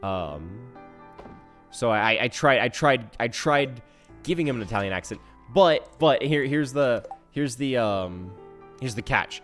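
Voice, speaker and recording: A man streaming a game live, talking casually in a rambling, self-interrupting way full of restarts, swinging from soft mumbles to loud outbursts. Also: mid-range voice, animated, unhurried, soft background music. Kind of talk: casual live-stream chat while gaming.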